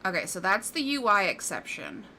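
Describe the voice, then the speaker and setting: A woman's voice: mid-range voice, very animated, normal speed, bright, forceful tone, a little hiss or hum. Exasperated woman talking over gameplay. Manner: exasperated, swears freely, baby-talks to her cat. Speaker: gaming streamer. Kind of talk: casual gameplay commentary. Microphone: desk microphone.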